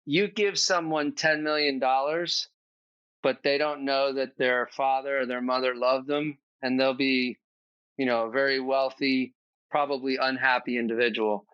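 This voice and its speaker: A man's voice: mid-range voice, little pitch movement, unhurried, smooth, dry recording, dull audio. A man speaking as a podcast guest in a casual, earnest, reflective conversation, thinking aloud with fillers.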